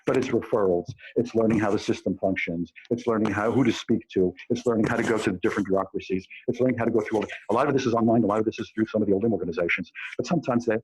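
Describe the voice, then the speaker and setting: A man's voice: lowish voice, very fast, few pauses, darkish tone, slight background noise, low-quality recording. A man speaking as an expert on a panel, explaining through vivid everyday examples with frequent hesitations. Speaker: panel expert on immigration to Israel. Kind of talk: panel discussion talk. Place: based in Israel.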